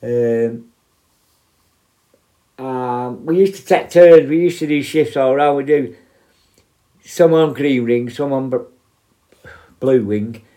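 A man tells his old work stories in a loose, rambling way. He leans on fillers and wanders off track, and his voice sits at a middling pitch. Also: slow pace, long pauses, mellow. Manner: rambling, many fillers and asides. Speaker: former prison officer. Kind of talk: casual storytelling.

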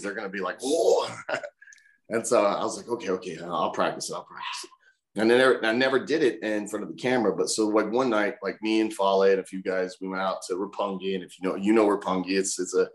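A man telling animated stories as an interview guest, acting out other people's voices. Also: sits low, roomy sound. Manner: animated, acts out voices in anecdotes. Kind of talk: casual storytelling in an interview.

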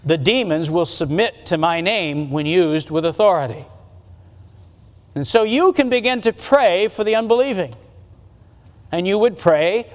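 A man with a high, light voice preaches a sermon, earnest and conversational, often stumbling and restarting as he goes. His words ring out with a long reverb through a church hall. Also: expressive, measured pace, long pauses. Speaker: pastor. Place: church sanctuary.

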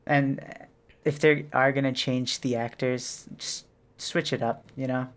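A man co-hosting a podcast, relaxed and easygoing in casual chat. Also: medium pitch, a little slow. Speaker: podcast co-host.

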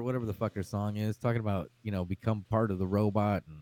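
A man's voice: fairly low pitch, steady tone, fast, warm tone, dry recording. A man who is a podcast guest, ranting in casual chat with lots of swearing and restarts. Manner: profane, rambling, ranting.

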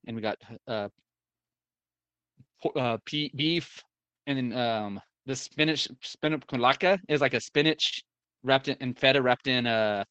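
A man's voice: medium pitch, a bit bright, smooth, dry recording, dull audio. A man telling a long story in casual chat, rambling with many fillers and restarts and the odd swear word.

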